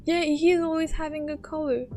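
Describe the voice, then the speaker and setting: A woman streaming her reactions to a game, flustered and excitable, reading story text aloud in between. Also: high-pitched, normal speed, music in the background.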